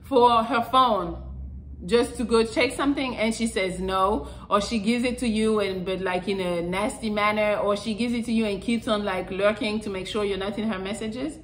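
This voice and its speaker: Speaking at normal speed in a medium-pitched voice, this woman vlogger offers blunt, foul-mouthed dating advice straight to camera. Her talk is loose and rambling with plenty of fillers, and the poor audio carries a slight hiss or hum.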